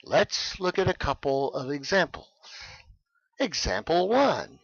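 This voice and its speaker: A male English teacher who talks slowly and deliberately, leaning on key words so learners can follow. His pitch swings freely up and down as he explains. The sound is dry and a little dull, like a lo-fi recording. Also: big pitch swings, no echo. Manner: slow, clear, emphatic delivery for learners. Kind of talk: scripted explainer lesson.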